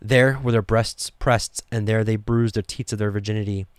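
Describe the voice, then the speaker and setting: A man's voice: fairly low pitch, steady tone, moderate pace, clean tone, no echo, studio quality. Man reading scripture with fervent asides. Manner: reads verses aloud with rising emphasis, adds pointed asides. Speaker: bible teacher.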